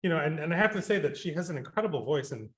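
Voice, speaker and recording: A man, a composer, talking in a radio interview, rambling with many fillers and restarts and getting animated when he quotes himself. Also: on the high side, racing.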